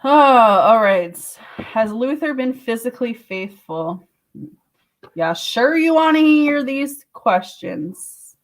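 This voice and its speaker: A woman reading tarot on a live stream. She talks straight to her viewers in a chatty way and breaks into sudden high exclamations. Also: expressive, slow. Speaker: tarot reader.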